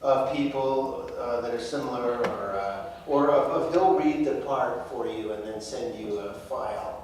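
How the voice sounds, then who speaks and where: A man being interviewed on stage, speaking haltingly with wry, self-deprecating humor. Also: medium pitch, a little mellow. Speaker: actor, interview guest. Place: theater stage before an audience. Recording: echoey room, far from mic, noisy.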